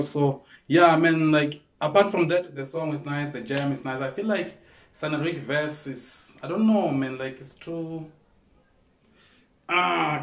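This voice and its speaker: A man with a South African Venda accent who hosts a music reaction show. He gives casual, hesitant commentary, with many pauses and fillers and frequent switches between languages. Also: a little high.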